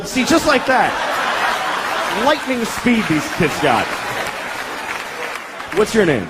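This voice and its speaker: A man rants through a crude stand-up set in a high voice. His pitch leaps around constantly. Steady noise sits behind him. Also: slow, pauses often, over a noisy crowd. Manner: crude, ranting delivery. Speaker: stand-up comedian.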